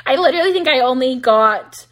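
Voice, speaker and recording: A woman's voice: sits high, lively intonation, fairly quick, a bit bright. A woman in her thirties hosting her own podcast from home, giving candid, casual business advice, laughing easily and often saying "like", her voice starting to wear thin. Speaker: podcast host and business coach.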